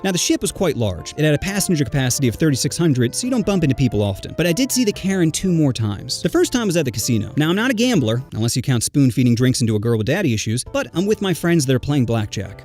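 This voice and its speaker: A man's voice: on the high side, darkish tone. A young man telling crude, mocking comedy stories from a script in a brash, punchy way. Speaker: comedy storyteller. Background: faint music.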